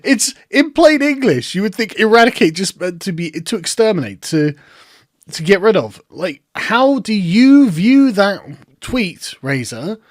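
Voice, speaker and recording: A man's voice: high-pitched, expressive, a little slow, no room sound. A man giving sarcastic commentary in a mocking, incredulous way, close to the mic. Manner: mocking, incredulous, breaks into laughter. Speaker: online commentator.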